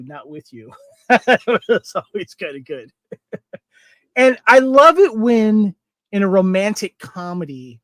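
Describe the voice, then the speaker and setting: High-pitched guy hosting a movie podcast, chatty, reads trivia, dry close sound. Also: fairly bright tone, no room sound. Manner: chatty, reads trivia and quotes aloud, laughs often. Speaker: podcast host. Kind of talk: casual movie podcast chat.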